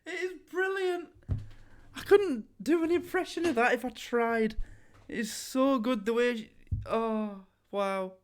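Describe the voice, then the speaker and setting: A man's voice: very high voice, measured pace, clean tone. A man hosting a reaction video, chatty and sweary, rambling as he comments.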